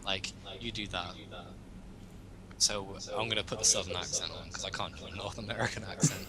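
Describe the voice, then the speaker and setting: A man's voice: low-pitched, fairly even intonation, a little fast, a crowd in the background, low-quality recording. A young man hosting a casual political chat, rambling and opinionated as he thinks aloud. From Britain. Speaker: host.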